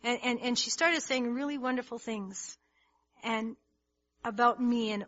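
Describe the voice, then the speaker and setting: A woman delivers a sermon in a bright, forceful voice, earnest and emphatic, often repeating words as she builds. The recording is slightly dull and lo-fi. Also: on the high side, steady tone, normal speed. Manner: earnest, emphatic, with many restarts and rising intensity. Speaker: preacher. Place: church hall with congregation.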